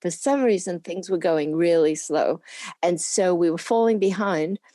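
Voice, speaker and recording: An older woman, a former camera assistant, chatting as an interview guest and telling lively stories with frequent laughs. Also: lowish voice, measured pace, dry recording, clean studio sound. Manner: lively anecdotal storytelling with laughs; acts out quoted people in put-on voices. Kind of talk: casual interview reminiscing.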